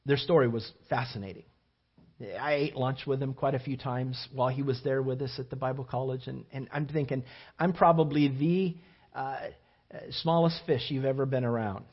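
A man's voice: mid-range voice, moderate pace. Man, preacher, sermon storytelling, rambling asides, dull lo-fi recording. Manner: lively, digressive, with restarts and asides.

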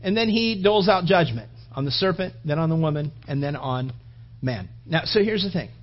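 A high-voiced man preaches a sermon, his pitch swinging widely as he acts out the voices in the passage. At times he drops to a hushed, almost whispered tone. The recording sounds dull and lo-fi. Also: animated, brisk. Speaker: pastor.

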